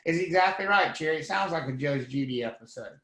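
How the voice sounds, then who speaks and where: A man's voice: a little high, a little fast, roomy sound, rough recording. A man teaching a real estate class, quizzing students and acting out courtroom scenes. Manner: lively, asks the class questions, acts out scenes. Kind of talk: live online class lecture.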